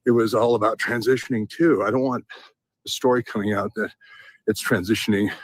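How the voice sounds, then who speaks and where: A man's voice: on the low side, breathy edge, no echo. A man giving casual, rambling commentary over video clips as a channel host, posing rhetorical questions.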